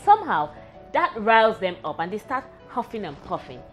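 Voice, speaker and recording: A woman's voice: medium pitch, sing-song, normal speed, lo-fi sound, faint music behind. A young woman, hosting a candid personal vlog in a frank, wry, self-mocking way. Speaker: vlog host.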